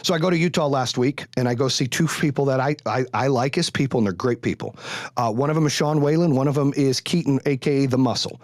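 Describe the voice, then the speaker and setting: Brief: middle-aged male podcast host, rapid-fire and blunt, swears freely, tight dry sound. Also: medium pitch, dry recording. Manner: blunt, profane, animated storytelling. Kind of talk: candid monologue.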